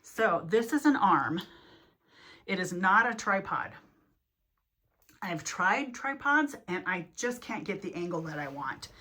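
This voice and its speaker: A woman's voice: fairly low pitch, animated, slow, pauses often, sharp tone. A woman casually giving a tour of her home craft room, rambling through lists of supplies with many fillers, a little out of breath. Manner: chatty, rambling, listing items with fillers. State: slightly out of breath. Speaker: craft vlogger.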